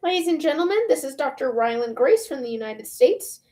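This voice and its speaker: A woman's voice: high voice, expressive, a little fast, dark tone. Brief: woman reading a matter-of-fact commander, no-nonsense delivery. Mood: curt. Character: brisk, blunt woman in charge of a meeting.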